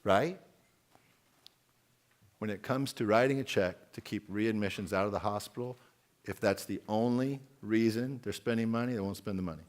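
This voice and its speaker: A man's voice: lowish voice, normal speed. A man in his forties giving an outspoken, emphatic conference keynote and putting questions to the audience. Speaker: keynote speaker.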